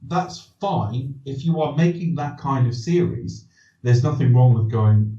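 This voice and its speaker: A man hosts a casual film podcast, thinking aloud and answering his own questions. His voice is warm and mellow. It sounds distant and echoey, with a dull, lo-fi tone. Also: medium pitch, unhurried. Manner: rambling, restarts sentences, asks himself questions. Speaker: podcast host. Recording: distant roomy dull recording.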